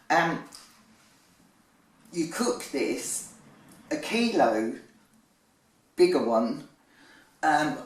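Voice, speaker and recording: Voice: medium pitch, a little mellow. A home baker demonstrating a recipe in a kitchen, chatting and poking fun at their own mistakes with the odd um. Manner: chatty and self-deprecating, thinking aloud with ums. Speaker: home baking presenter. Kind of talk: casual cooking demonstration. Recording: roomy kitchen, mic at a distance.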